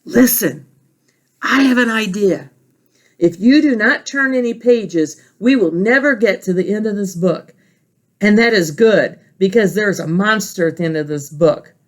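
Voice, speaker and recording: A woman voicing a furry, fearful male puppet monster, reading from a storybook, with a high, excited, pleading way of speaking. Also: measured pace, close to an everyday voice. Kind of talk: storybook read-aloud.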